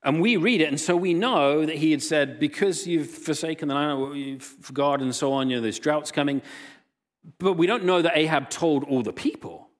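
A male pastor preaching a sermon, reading scripture aloud and retelling the story with lively voiced quotes. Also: a little high, normal speed. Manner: animated storytelling, voicing quoted characters.

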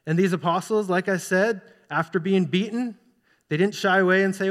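A man preaching from the pulpit with a high-pitched voice, earnestly pressing rhetorical questions on the congregation. His words ring out with the long reverb of a large hall. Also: normal speed, a bit bright. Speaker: pastor. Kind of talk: sermon. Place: church sanctuary.

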